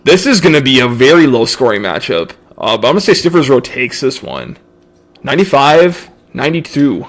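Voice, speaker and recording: A man's voice: mid-range voice, sing-song, a little fast. A young man co-hosting a fantasy football podcast, offhand and self-mocking, often stumbling over his words. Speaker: podcast co-host. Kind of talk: casual fantasy football chat.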